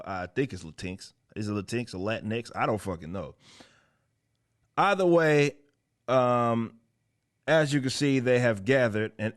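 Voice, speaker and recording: A man hosting a comic book commentary channel, talking in a blunt, profane, sarcastic way and rambling through self-corrections. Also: lowish voice. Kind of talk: casual ranting commentary.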